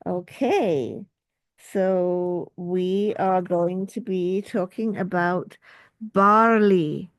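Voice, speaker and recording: A woman's voice: fairly low pitch, mellow, no room sound. A middle-aged woman with an English accent, a doctor and school principal, giving a chatty, informal health talk to camera with jokey asides. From United Kingdom.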